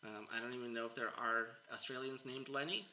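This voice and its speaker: A man's voice: mid-range voice, fairly even intonation, a little fast, noisy background. A man hosting a podcast in casual chat, chatty and rambling. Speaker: podcast host.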